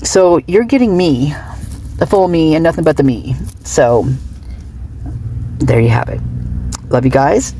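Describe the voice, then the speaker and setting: A woman's voice: low-pitched, a little slow, long pauses, warm tone, a little hiss or hum. A woman true crime vlogger talking off the cuff in a chatty, rambling way with giggly asides. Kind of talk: unscripted casual vlog chat.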